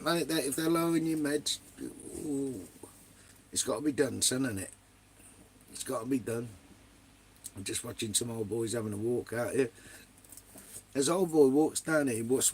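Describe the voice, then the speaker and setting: A man's voice: medium pitch, slight background noise. An Englishman, casually chatting live from his camper van with viewers, full of banter and swearing, calling everyone mate and son. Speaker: vanlife live streamer.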